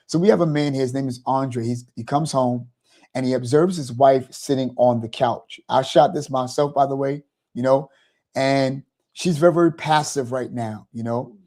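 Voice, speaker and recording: Man, host, motivational talk, rambling, mellow tone. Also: mid-range voice, moderate pace. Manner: rambling, repeats "you know".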